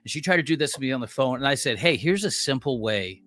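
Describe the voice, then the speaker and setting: A man's voice: mid-range voice, expressive, fast talker, fairly bright tone. A middle-aged man, a podcast co-host, telling a story as a heated, profane rant and acting out quotes.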